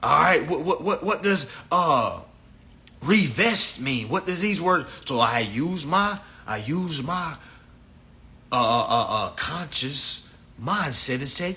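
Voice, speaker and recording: Blunt, profane man lecturing a live stream. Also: slow. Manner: profane, blunt, lecturing, animated swings in pitch. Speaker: live stream host teaching a class.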